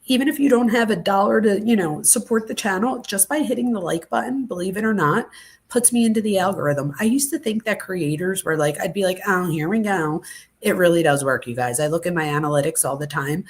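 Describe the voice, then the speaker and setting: Gravelly, gushing livestream host woman. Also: mid-range voice, a little fast. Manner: gushing, thankful, easily moved. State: teary, close to crying. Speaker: true crime channel host. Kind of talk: casual livestream chat.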